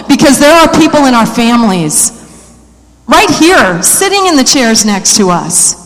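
A woman giving a sermon to a congregation, talking casually, asking the room questions and building into loud, repeated exhortations. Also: fairly high pitch, sing-song, a little slow. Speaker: church speaker. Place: church sanctuary with congregation. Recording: long reverb of a large hall.

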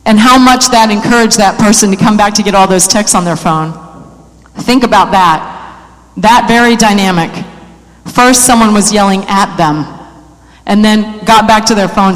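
A woman preaches a sermon in a church, her voice carrying a long hall reverb. She moves from easygoing, conversational talk to loud, repeated exhortations. She often puts questions to the congregation. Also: mid-range voice. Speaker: church speaker.

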